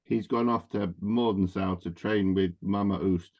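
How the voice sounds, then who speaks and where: A man's voice: deep voice, steady tone, moderate pace, highs cut off. A man playing his character in a tabletop game, talking in a casual, easygoing way. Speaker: player.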